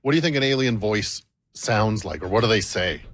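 A man's voice: on the low side, a little fast, fairly bright tone. A man in a playful, teasing chat, asking children questions and encouraging their answers. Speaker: interviewer of children.

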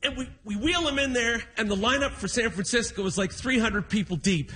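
A man's voice: very high voice, brisk, poor audio. A man doing a stand-up comedy set on a theatre stage, telling a story and acting out his grumpy dad. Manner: animated storytelling, acts out his dad's grumbling.

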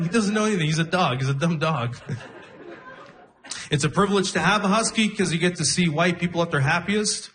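Speaking a little high and fairly quickly, a twenty-something comic does a live stand-up set. He tells his stories like a conversation and performs the voices of the people in them, with audience sounds in the background.

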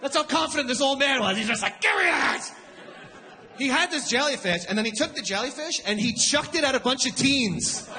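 A man in his forties doing a stand-up comedy set, shouting character voices for punchlines. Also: very high-pitched, lively intonation, a little fast, few pauses, some chatter behind.

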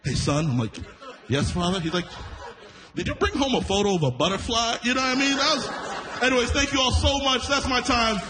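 A man's voice: very high-pitched, lively intonation, a little fast, a crowd in the background. A man closing a stand-up set with a playful story, laughing as he tells it. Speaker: stand-up comedian.

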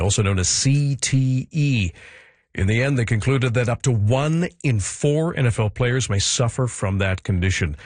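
A middle-aged man hosts live radio with an easy, conversational delivery. His voice sits at an ordinary pitch and sounds close and dry, with no room echo. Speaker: radio show host.

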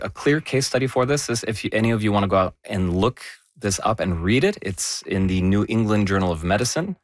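A man presenting health news in a measured, explanatory way, stressing key words. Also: lowish voice, dry recording, studio quality. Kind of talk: conversational news discussion.

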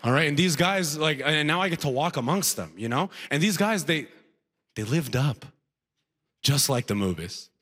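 A man telling a stand-up comedy story, animated and chuckling at his own jokes. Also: moderate pace, breathy edge. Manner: animated, swings from high to low for punchlines.

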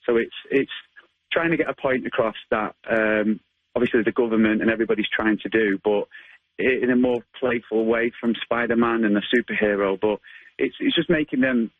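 Husky man on a tinny phone. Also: medium pitch, a little fast, no room sound. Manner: enthusiastic, laughing, many restarts. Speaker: caller, guest dressing as a superhero. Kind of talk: casual phone interview.

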